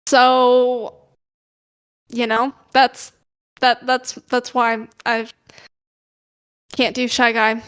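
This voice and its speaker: A woman's voice: on the high side, level tone, drawn-out words, pauses often, a bit bright, clear, resonant tone. A young woman co-hosting a podcast in casual chat, playful and teasing, often restarting her sentences. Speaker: podcast co-host.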